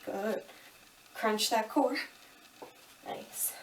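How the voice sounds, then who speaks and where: A woman's voice: a little high, drawn-out words, very noisy. A woman fitness instructor giving upbeat, chatty coaching cues during a home kickboxing workout, a bit out of breath. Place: home room. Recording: echoey room from a distance.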